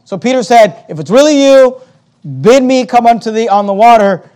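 In this sermon, a man with a very high voice first reads scripture in archaic language, then puts it in plain terms and argues forcefully. He talks at a normal speed, his tone dark and smooth.

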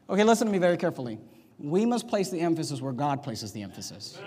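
A man preaching a fiery sermon as a Baptist pastor, reading scripture aloud and rising to shouted peaks. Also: sits high, lively intonation, brisk, big-room sound.

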